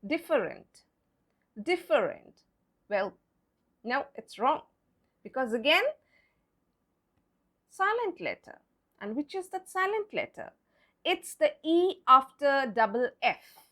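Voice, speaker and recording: A high, bright-pitched woman teaching English pronunciation. English is not her first language, and her voice rises and falls in wide swoops while she moves at a slow, deliberate pace. She explains patiently and spells words out one letter at a time. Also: very animated. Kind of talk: pronunciation lesson.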